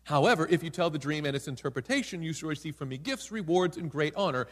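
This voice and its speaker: A man preaching a sermon with animated storytelling and playful asides. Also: a little high, fast. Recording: long hall reverb.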